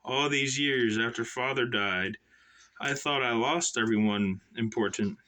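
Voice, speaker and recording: A man voicing an earnest young male assassin who asks pleading, halting questions, in a self-published novel read aloud. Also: medium pitch, sharp tone. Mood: grieving.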